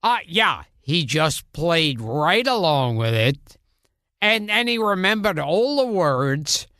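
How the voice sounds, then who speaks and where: A man hosting a podcast, talking slowly with a nasal, exaggerated delivery. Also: fairly high pitch, sing-song, bright, forceful tone, dry recording, clean studio sound. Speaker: podcast host.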